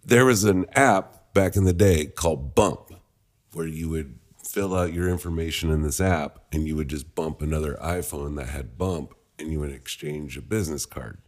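A man's voice: extremely low pitch, normal speed. A man co-hosting a podcast, chatting loosely, swearing often and laughing as he tells stories. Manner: loose, profane, laughing storyteller. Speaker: podcast co-host. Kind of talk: casual chat.

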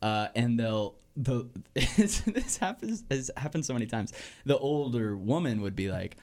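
A young man co-hosting a casual comedy podcast, animated and laughing often as he drops into silly voices mid-story. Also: medium pitch, unhurried, few pauses. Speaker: podcast co-host.

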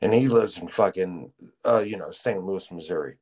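A man's voice: low-pitched, normal speed, a little mellow, no echo. A man co-hosting a podcast, ranting bluntly and profanely in casual chat. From United States. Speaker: podcast co-host.

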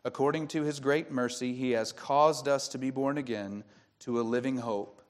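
A man's voice: mid-range voice, fairly even intonation, normal speed. A man preaching a sermon as pastor, explaining the grammar of a Bible verse and asking rhetorical questions.

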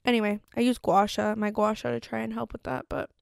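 A woman's voice: medium pitch, little pitch movement, brisk, gravelly, smooth, no echo, clean studio sound. A young woman hosting her own solo podcast, talking casually and filling her speech with "like" as she acts out her own thoughts. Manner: chatty, lots of "like" fillers, acts out her own inner voice. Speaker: podcast host.

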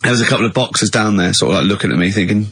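An English man in his forties hosting a radio show, telling rambling, bumbling stories and breaking into high laughs. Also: racing, fairly bright tone, husky, no room sound. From England. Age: 40s. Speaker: radio host. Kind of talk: casual radio banter.

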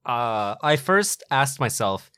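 A man's voice: medium pitch, sing-song, slow pace, bright, forceful tone, clean tone, dry recording, clean studio sound. A man co-hosting a podcast in casual chat, hesitant with fillers, turning playful. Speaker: podcast co-host.

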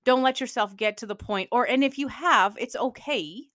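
A woman hosting a motivational podcast, talking in an energetic, emphatic coaching manner. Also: on the high side, fairly quick, no echo, clean studio sound. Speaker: podcast host.

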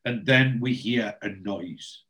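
A man's voice: on the low side, slow pace, a bit bright. A man with a rambling, chatty manner, casually recapping a TV episode as a podcast co-host.

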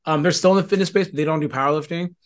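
A man as a podcast guest, chatting loosely and swearing freely in casual conversation. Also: a little high. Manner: loose, profane, rapid chatter.

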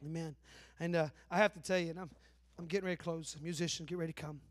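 A man's voice: fairly high pitch, steady tone, fast talker, no echo. A man, preaching a sermon in a folksy, joking storytelling way. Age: 40s. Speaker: pastor. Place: church.

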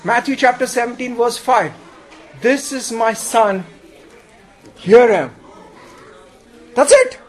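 A man's voice: slow pace, pauses often. A male preacher delivering a sermon in an emphatic call-and-response style, often asking the congregation questions. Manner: emphatic, with sudden jumps in pitch and volume.

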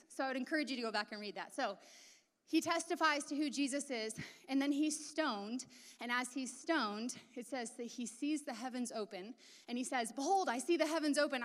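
A woman's voice: fairly high pitch, long reverb tail. A middle-aged woman pastor preaching a sermon, telling a personal story in an earnest way.

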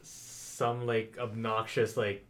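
A man's voice: mid-range voice, little pitch movement, slow pace, a bit bright. A man co-hosting a casual podcast, talking with lots of fillers and dry quips. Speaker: podcast co-host. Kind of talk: casual chat.

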